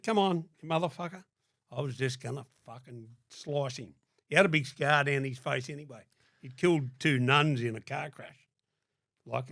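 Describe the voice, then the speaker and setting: A man's voice: mid-range voice, vocal fry, fairly bright tone, dry recording, studio quality. An older man with an Australian accent from Sydney, telling stories as a podcast guest in a blunt, heavily profane way. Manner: blunt, heavy swearing, acts out quoted dialogue. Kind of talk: casual storytelling.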